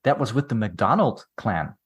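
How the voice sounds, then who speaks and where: A man's voice: lowish voice, animated, normal speed, breathy edge. Wry, rambling male podcast co-host. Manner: wry, rambling storyteller with jokey asides. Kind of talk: casual film discussion.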